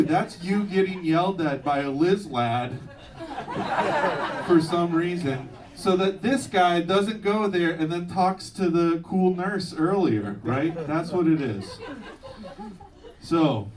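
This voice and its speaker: Young male stand-up comedian, energetic and punchy, mid-pitch, caught from afar in a noisy live venue. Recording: distant mic, noisy live room.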